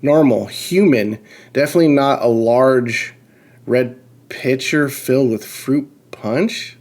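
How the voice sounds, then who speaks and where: A man of middle pitch hosts a podcast, reading a story aloud in an offhand, disbelieving tone. He swears freely, trips over the words and keeps breaking off to poke fun at the writing. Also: slow pace, darkish tone. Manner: incredulous, swears often, breaks off to comment and laugh. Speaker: podcast host.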